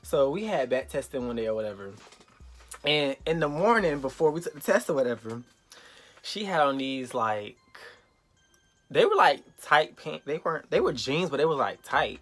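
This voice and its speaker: A young man telling a storytime vlog, animated and profane, acting out the quotes loudly. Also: on the high side, normal speed. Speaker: vlogger.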